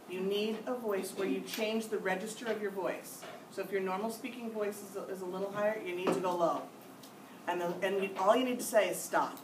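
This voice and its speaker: A woman's voice: medium pitch, background noise. A woman leading a classroom discussion, firm and emphatic, repeating her key points. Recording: echoey room, mic far off.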